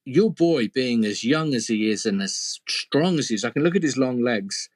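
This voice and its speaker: A man voicing a scheming fairy-tale king who talks smoothly and persuasively. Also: mid-range voice, lively intonation, moderate pace, no echo, close to an everyday voice.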